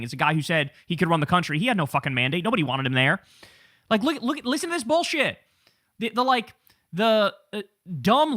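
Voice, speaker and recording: High, bright-voiced man ranting profanely. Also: dry recording, studio quality. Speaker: political commentary host. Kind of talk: angry political commentary.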